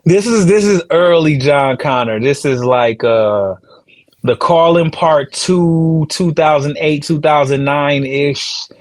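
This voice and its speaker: Laid-back man telling stories, slightly high. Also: slow pace. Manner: laid-back slangy storyteller, laughs between lines. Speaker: podcast host and rapper. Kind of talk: casual storytelling chat.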